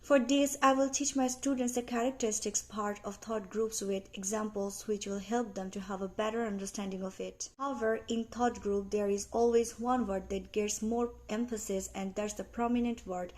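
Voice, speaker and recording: A young adult woman reading out a class presentation on teaching pronunciation, careful and measured, with small grammar slips. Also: medium pitch, steady tone, a little mellow. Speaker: student presenter. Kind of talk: read academic class presentation.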